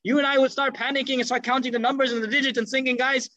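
A man giving an animated sermon, telling stories and acting out the people in them. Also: extremely high pitch, racing, no echo, poor audio. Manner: animated, acts out quotes in dropped voices. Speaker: Islamic lecturer. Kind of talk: lively sermon storytelling.

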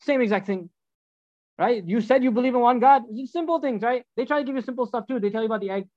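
A man giving a storytelling sermon as a religious teacher, animated and acting out the dialogues. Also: very high voice, quick pace, no room sound, lo-fi sound.

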